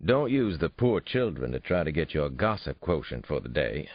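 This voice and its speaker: A sharp, no-nonsense old grandmother who scolds with a raised, lively voice, as a male narrator puts her on. There's a gravelly grain under it all, and the recording is dry and a bit dull. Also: rumbling low, normal speed, dry recording, exaggerated voice. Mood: scolding. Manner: scolding, commanding. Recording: dull, muffled studio read.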